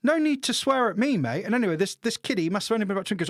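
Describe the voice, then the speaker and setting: A middle-aged man co-hosting a podcast, telling stories in an animated, swearing rant with lots of restarts. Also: high voice, rapid-fire, dry recording, studio quality. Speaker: podcast co-host. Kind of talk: casual ranting chat.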